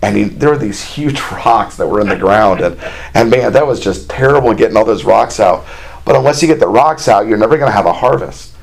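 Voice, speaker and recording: A man's voice: on the low side, brisk, creaky. Male preacher, folksy and conversational, voice lifts when he reads scripture. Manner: folksy, conversational, with plain asides and imagined dialogue; reads scripture aloud in a raised, more animated voice. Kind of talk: sermon.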